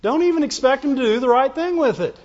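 A man preaching a sermon, animated and playful, acting out whining voices and laughing often. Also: extremely high pitch, fast. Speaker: pastor. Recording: dull sound with long hall reverb.

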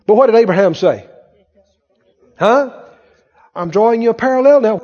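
A man preaching a sermon as pastor, animated and quizzing his congregation with questions as he goes. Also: high-pitched, normal speed, pauses often, breathy edge. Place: church sanctuary. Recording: dull sound with long hall reverb.

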